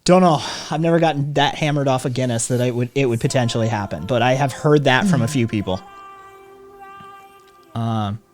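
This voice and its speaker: A man's voice: mid-range voice, a little fast, faint music behind. Profane rambling male streamer. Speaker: streamer host. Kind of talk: casual live-stream chat.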